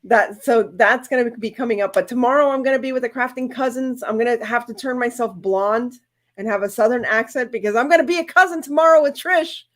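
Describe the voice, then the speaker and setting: A woman hosting a live-stream from her craft channel, talking casually and at length. She rambles warmly from one plan to the next, with heartfelt moments. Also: a little high, brisk. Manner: chatty, rambling, emotional.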